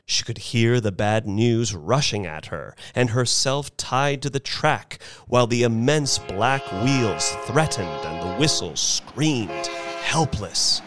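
A man reading a story aloud as narrator, expressive and giving each character a voice. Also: mid-range voice, takes it slowly, faint music behind.

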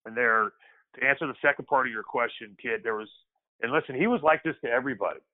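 A man's voice: medium pitch, quick pace. Man telling stories over a tinny line. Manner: conversational, loose, frequent restarts and "kid". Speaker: guest, former pro basketball player. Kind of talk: casual storytelling interview.

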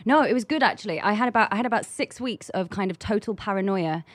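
A young English actress chatting casually as a guest, with many filler words and frequent laughter. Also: female voice, medium pitch, expressive, fast talker, no room sound, clean studio sound. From England. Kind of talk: casual chat.

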